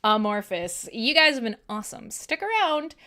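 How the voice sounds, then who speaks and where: A woman's voice: fairly high pitch, very animated, normal speed. A woman hosting a live metal radio stream, chatting casually in a rambling, irreverent way and swearing freely. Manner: talks to her dog in a soft coo. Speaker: metal radio show host.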